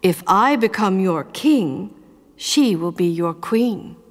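A woman voicing a young male elephant king who speaks in a measured, courteous way. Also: medium pitch, expressive, big-room sound. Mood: gracious.

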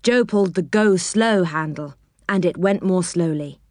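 A woman reading a children's storybook aloud with expressive, animated narration. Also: lowish voice, measured pace, no echo, clean studio sound.

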